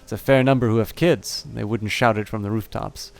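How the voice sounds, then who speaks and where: A man voicing a small, fierce female orc who works as a nanny, speaking in a brisk, scolding way. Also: lowish voice, steady tone, creaky, soft background music. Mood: proud.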